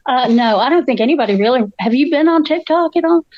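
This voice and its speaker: A woman's voice: high-pitched, animated, fast talker, lo-fi sound, slight background noise. An older woman, a co-host telling stories in casual chat, feisty and acting out the voices of the people she quotes.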